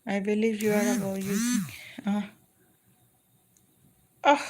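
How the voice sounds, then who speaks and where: A woman's voice: on the high side, steady tone, takes it slowly, long pauses, fairly bright tone. Chatty Colombian woman on a livestream. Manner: chatty, reads and answers viewer comments; switches between English and Spanish. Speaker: livestream vlogger. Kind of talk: casual livestream chat.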